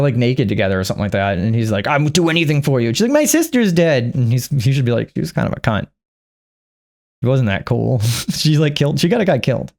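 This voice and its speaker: A man giving a casual, rambling and profane movie recap, acting out the characters in squeaky put-on voices. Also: a little mellow. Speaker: movie reviewer.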